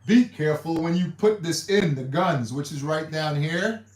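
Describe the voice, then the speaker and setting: Speaking at normal speed in a fairly high pitch, a livestream host rambles casually, repeating himself and restarting hesitantly. The recording sounds echoey, with the mic placed far away.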